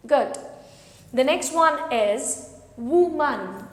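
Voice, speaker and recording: In a slow, drilled pronunciation lesson, a woman with a high voice patiently repeats each word so learners can echo it. She speaks slowly, and the room is echoey with long reverb.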